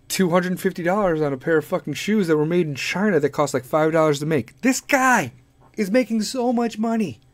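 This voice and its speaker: A man's voice: a little high, a little mellow, dry recording. Crude, sarcastic man hosting a podcast. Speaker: podcast host. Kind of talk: profane comedic monologue.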